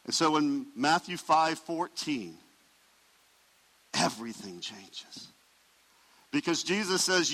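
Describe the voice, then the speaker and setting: A male pastor delivers his sermon with emphatic swells and hushed drops. His voice sits a little high and sounds bright and forceful. A long reverb trails after his words, as in a large sanctuary. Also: very animated, slow, long pauses.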